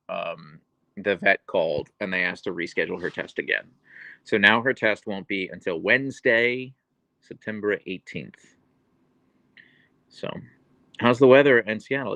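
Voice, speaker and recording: Gravelly low-voiced man chatting on a livestream. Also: fairly bright tone, dry recording, rough recording. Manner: chatty, reads and answers viewer comments. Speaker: livestream host and dog owner. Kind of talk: casual livestream chat.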